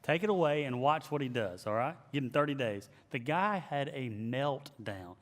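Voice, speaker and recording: A man who is a pastor, giving an emphatic, animated leadership teaching and repeating his key phrases. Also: medium pitch, normal speed. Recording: long hall reverb.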